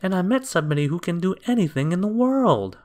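A man's voice: sits high, big pitch swings, quick pace, darkish tone, voice pushed up. A man voicing an eager young schoolboy in a storybook reading.

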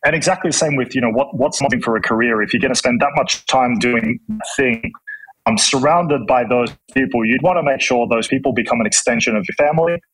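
An Australian man talks as a guest on a podcast, with a husky, slightly breathy voice at a middle pitch. He tells his story frankly and thoughtfully, often restarting and leaning on "you know". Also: quick pace, a bit bright, rough recording. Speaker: guest, chef and entrepreneur. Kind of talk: casual podcast interview.

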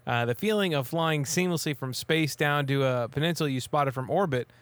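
A man's voice: fairly high pitch, brisk, no room sound. A man on a casual group chat panel, easygoing and laughing at himself.

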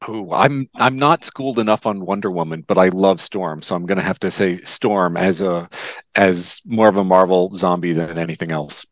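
A man in casual chat, explaining things in a measured, matter-of-fact way. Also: sits low, dry recording.

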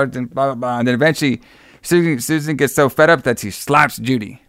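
Gravelly-voiced man casually recapping a movie. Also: mid-range voice, quick pace, a bit bright, dry recording, studio quality. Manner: rambling, laughing, swears freely. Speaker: podcast co-host.

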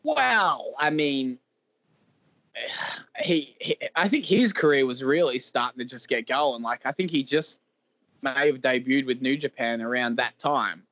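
A male wrestler being interviewed, talking candidly in a halting way with repeated words and many fillers. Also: medium pitch, bright, forceful tone. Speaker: professional wrestler guest.

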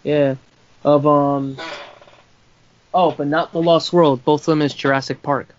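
A man's voice: on the high side, fairly even intonation, a little slow. A man co-hosting a podcast in casual chat, easygoing and a little hesitant. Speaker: podcast co-host. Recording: slightly dull audio.

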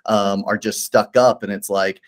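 A man's voice: on the low side, fairly even intonation, normal speed. A man who is a pastor, speaking earnestly and encouragingly in a casual faith conversation, with many fillers and restarts.

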